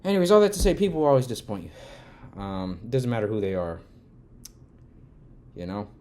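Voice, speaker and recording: A man's voice: lowish voice, expressive, normal speed, a little hiss or hum. Heated swearing man telling a story. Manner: heated, swearing, gets loud when retelling the argument. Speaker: vlogger. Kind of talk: casual storytime rant. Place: Los Angeles.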